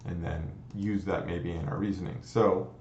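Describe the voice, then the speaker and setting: A man with a low voice delivers a recorded computer science lecture. He thinks aloud, repeats words as he restarts, and checks in with the class. The sound is muffled and echoes around the room. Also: steady tone, moderate pace, darkish tone, a little hiss or hum. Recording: dull, roomy lecture recording.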